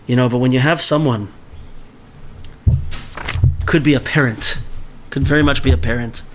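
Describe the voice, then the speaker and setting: A man's voice: mid-range voice, steady tone, normal speed, slight background noise. A man leading a book club, reading a story aloud and explaining it conversationally, often checking in with his listeners.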